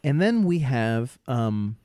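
A man's voice: mid-range voice, big pitch swings, takes it slowly, mellow, clean tone, no echo. A man co-hosting a podcast, chatting casually and joking, laughing easily and mimicking sounds. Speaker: podcast co-host. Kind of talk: casual chat.

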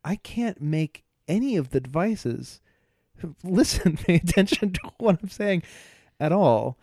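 A man's voice: sits high, unhurried, dry recording. Podcast guy telling funny stories, bouncy voice, laughs a lot, dry close sound. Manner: animated storyteller, laughs often, acts out yelling at devices. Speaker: podcast co-host. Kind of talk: casual chat.

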